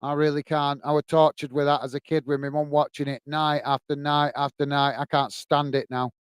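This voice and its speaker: A man's voice: a little high, level tone, fairly quick, smooth, no room sound. A man hosting a live football watch-along, chatting casually between match commentary and reading viewers' messages, with rambling self-corrections and a friendly "mate" manner.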